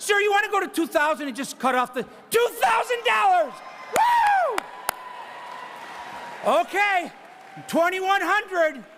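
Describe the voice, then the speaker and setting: A man working as a charity auctioneer, calling bids live at a gala, teasing bidders and shouting out numbers with whoops of excitement. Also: extremely high pitch, normal speed, a crowd in the background, noisy background. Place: banquet hall at a charity gala.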